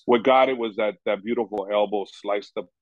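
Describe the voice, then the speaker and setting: Low-voiced coach, rambling, lo-fi sound. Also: male voice, fairly even intonation, brisk, dry recording. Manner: rambling, peppered with "you know". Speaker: MMA coach. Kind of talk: casual interview talk. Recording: dull lo-fi sound.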